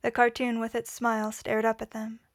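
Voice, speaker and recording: A woman reading a story aloud in a quiet, measured voice, whispering the dialogue. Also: on the high side, monotone, no echo, studio quality. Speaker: reader. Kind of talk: audiobook reading of fan fiction.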